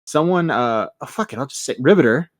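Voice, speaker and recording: A man hosting a casual podcast, telling a story with lots of swearing and an animated delivery. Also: medium pitch, brisk, no room sound, studio quality. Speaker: podcast host and moderator.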